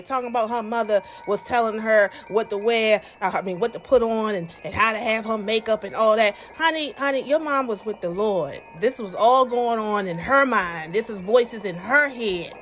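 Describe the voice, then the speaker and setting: Woman, Southern accent, fairly high voice, sassy commentary host, preachy, talks straight to viewers, soft music underneath. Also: moderate pace, few pauses. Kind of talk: reaction commentary.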